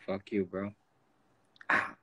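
A man's voice: slow, bright, forceful tone. A young man, a rapper, chatting casually on a phone livestream, reading comments, swearing and laughing easily, switching between English and Korean. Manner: loose and slangy, swears, laughs often, mixes in Korean. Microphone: phone mic.

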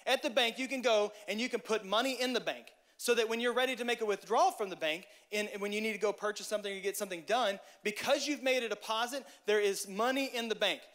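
A man preaching a casual sermon who talks straight to the audience in a lively, joking way. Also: sits high.

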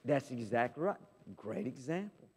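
Male pastor, emphatic sermon delivery, medium pitch, long reverb from a church hall. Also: animated, normal speed, husky. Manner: emphatic, swinging from loud to soft. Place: church sanctuary.

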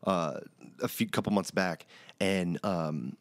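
A man's voice: sits low, slow, no echo. A man appearing as a podcast guest, chatting casually in a rambling way with many fillers. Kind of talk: casual conversation.

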